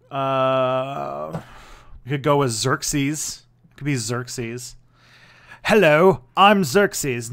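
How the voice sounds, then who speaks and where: A man's voice: medium pitch, fairly bright tone. A man hosting a casual livestream, commenting on his own old videos in a loose, rambling way. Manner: rambling, with many fillers and restarts. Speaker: channel host.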